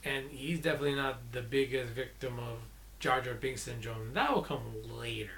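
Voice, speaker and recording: A movie vlogger gives a casual, rambling review, sounding exasperated and restarting and correcting himself along the way. He mocks quotes in a shrill put-on voice. His fairly bright voice moves at normal speed over a little hiss or hum.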